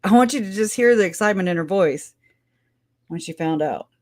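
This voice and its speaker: A woman's voice: medium pitch, expressive, brisk, a little mellow. A woman chatting casually as a livestream co-host, brash, swearing and laughing often.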